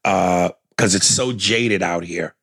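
A man's voice: deep voice, takes it slowly, a bit bright, dry recording, studio quality. A man co-hosting a casual comedy podcast, reading listener letters aloud in a loose, profane way.

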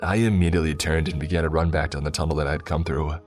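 A man narrating a first-person horror story in a steady, measured way. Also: rumbling low. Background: faint music.

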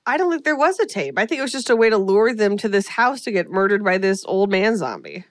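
A woman co-hosts a podcast and recaps a horror film with lively storytelling. She slips into the characters' lines as she goes. Her voice sits at a middle pitch and sounds dry and close. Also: fairly quick, no echo. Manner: animated storyteller, acts out quotes. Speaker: podcast co-host. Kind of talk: casual movie recap chat.

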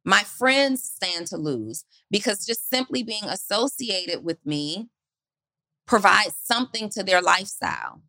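Bright-toned woman giving a motivational talk. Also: mid-range voice, lively intonation, a little slow, vocal fry, no room sound. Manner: earnest, rhetorical questions, preacherly build.

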